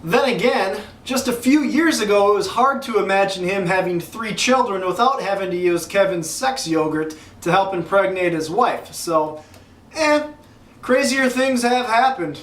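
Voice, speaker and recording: Crude deadpan mock-announcer man. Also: high voice, normal speed, distant mic. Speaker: league commissioner host. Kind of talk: mock press conference. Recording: echoey room, voice off-mic.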